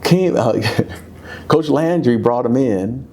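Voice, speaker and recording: A former football player in his fifties tells stories slowly in a candid, casual interview. His voice jumps high whenever he gets excited, and the talk is frank, conversational storytelling.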